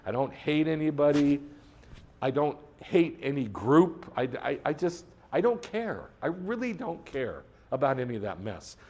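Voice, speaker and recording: A man's voice: on the high side, normal speed. A middle-aged man teaching a sermon in a conversational way, asking the listeners questions and reciting Hebrew prayer lines. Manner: lively, conversational, asks the room questions. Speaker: congregation teacher.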